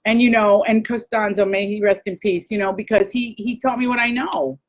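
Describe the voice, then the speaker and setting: A woman hosting a casual live chat, gushing and excitable, talking straight to her viewers. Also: medium pitch, brisk, background noise. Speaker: host.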